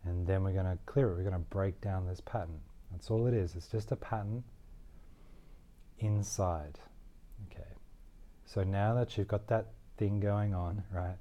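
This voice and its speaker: A man with an Australian accent leads a guided tapping session in a low, mellow voice. He talks slowly and steadily and says each phrase so the listener can repeat it after him. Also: dull audio. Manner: calm, slow guiding voice, speaks phrases for the listener to repeat. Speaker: tapping therapy teacher.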